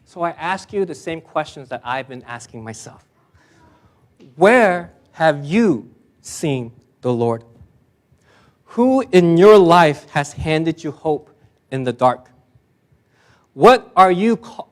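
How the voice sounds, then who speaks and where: Self-deprecating pastor, emphatic at the close. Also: male voice, on the high side, lively intonation, slow. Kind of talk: sermon.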